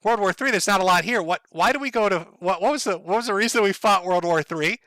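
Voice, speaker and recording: Man's put-on confused little schoolkid, bright questioning voice. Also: sits high, fast, no room sound, voice pushed up. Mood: puzzled. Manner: puzzled, questioning.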